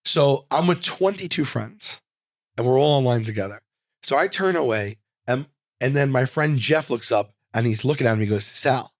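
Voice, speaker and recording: New male comedian, animated storyteller, middle pitch, dry studio sound. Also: moderate pace, dry recording. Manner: animated, with many restarts and acted quotes. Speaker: comedian guest. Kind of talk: casual storytelling.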